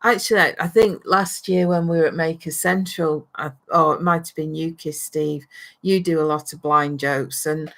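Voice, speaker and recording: Low-voiced woman co-hosting a chat. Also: fairly even intonation, moderate pace, creaky, fairly bright tone. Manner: laughs easily, reads out viewer comments. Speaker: co-host reading viewer comments. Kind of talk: casual chat.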